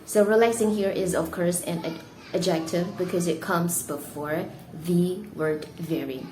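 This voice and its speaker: A woman's voice: on the low side, steady tone, a little slow. A woman with an Indonesian accent teaching an English lesson, speaking carefully and stressing key words. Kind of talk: explanatory lesson. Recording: echoey room with faint noise.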